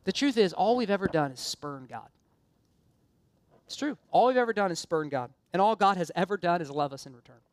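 A woman's voice: lowish voice, expressive, fairly quick, no echo. A woman preaching a sermon, earnest and impassioned, mixing casual self-deprecating asides with emphatic appeals.

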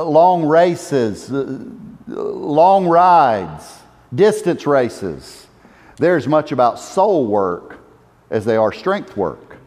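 A man's voice: on the high side, a little mellow. A male pastor preaching a sermon, impassioned and building to emphatic exhortations. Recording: echoey church hall reverb.

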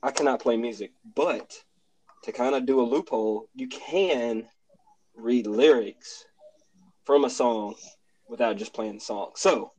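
A man's voice: medium pitch, a little slow, darkish tone, rough recording. A young man, a college student, hosting a casual podcast chat, keeping his voice down and laughing often. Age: young adult. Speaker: podcast host. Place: cold room at home.

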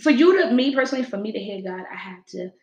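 A woman's voice: mid-range voice, quick pace, lo-fi sound. A young adult woman hosting a podcast, telling her own story in casual heartfelt talk, acting out quotes as she goes. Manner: expressive storytelling, acts out quotes. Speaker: podcast host. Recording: echoey room.

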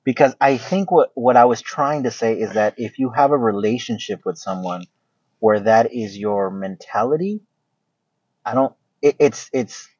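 A man's voice: medium pitch, moderate pace, a little mellow, slightly rough, no room sound. A man co-hosting a podcast in casual chat, joking and laughing often, stumbling through restarts when he explains himself. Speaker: podcast co-host. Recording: dull lo-fi sound.

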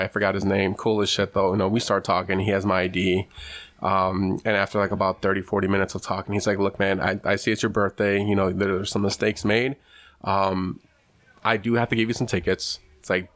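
A young man casually telling a story in a podcast chat, animated and swearing often, acting out what people said. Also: on the low side. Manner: animated, swears a lot, acts out quotes.

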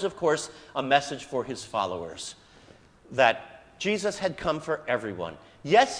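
Priest preaching in a reverberant church. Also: male voice, medium pitch. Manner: storytelling, conversational with asides. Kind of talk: live homily. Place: parish church.

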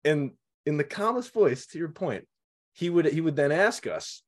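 Animated young man telling family stories. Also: on the high side, moderate pace. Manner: animated storytelling, acts out quotes. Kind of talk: casual conversation.

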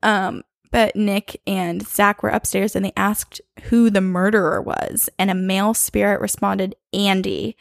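A young woman co-hosting a podcast, recounting a ghost story in casual, animated chat. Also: medium pitch, unhurried, vocal fry, hardly any pauses, no room sound, clean studio sound. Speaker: podcast co-host.

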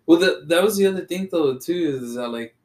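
A man's voice: fairly high pitch, lively intonation, brisk, a little mellow. A young man from Texas in casual chat as a podcast co-host, laid-back and swearing freely. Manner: laid-back, swears a lot, says "dude".

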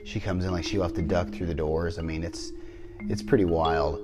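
A man's voice: low-pitched, fairly even intonation, normal speed, loud music behind the voice. A man co-hosting a podcast in casual chat, rambling with many fillers and restarts. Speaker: podcast co-host.

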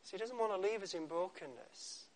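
A man preaching a sermon, with dramatic pauses and a voice that drops to a soft hush on key words. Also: high-pitched, animated, a little hiss or hum.

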